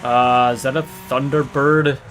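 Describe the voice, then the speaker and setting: A man giving rambling, excitable commentary while he plays a game, often saying "dude", on a desk mic near a noisy computer. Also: mid-range voice, measured pace. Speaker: gamer. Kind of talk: casual gameplay commentary. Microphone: desktop mic near a noisy computer. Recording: loud racing game sounds behind voice.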